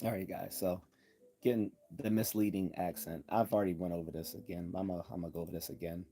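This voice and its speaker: A man's voice: low-pitched, fairly even intonation, fast, mellow. A man hosting a casual livestream lecture on logical fallacies, with sardonic asides and frequent ums. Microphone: desktop computer mic.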